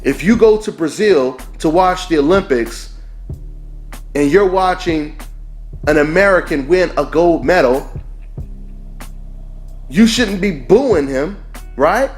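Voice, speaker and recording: A man's voice: a little high, animated, slow, long pauses. Emphatic man ranting over faint music. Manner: emphatic, repeats points, rhetorical "right?". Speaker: boxing channel host. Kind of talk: opinionated commentary rant. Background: faint background music.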